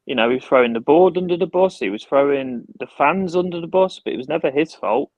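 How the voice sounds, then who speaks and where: A man's voice: on the high side, quick pace, dry recording. Blunt man on a dull dry line. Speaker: caller. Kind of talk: casual fan chat.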